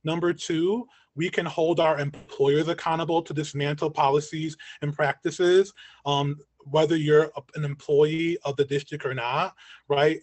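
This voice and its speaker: A man speaks in an earnest lecturing voice that sits a little high, checking in with listeners again and again with a quick "right?". His voice is wearing thin as he goes on. It comes over a video call, dry and close, with no room echo at all. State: losing his voice. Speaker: community educator and guest speaker. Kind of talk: online lecture. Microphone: video call mic.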